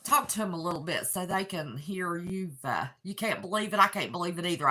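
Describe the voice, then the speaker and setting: A woman's voice: fairly low pitch, lively intonation, a little fast, hardly any pauses, sharp tone. A woman, chatting emotionally with viewers on her livestream. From West Virginia. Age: 60s. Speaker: channel host. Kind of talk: casual livestream chat. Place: apartment.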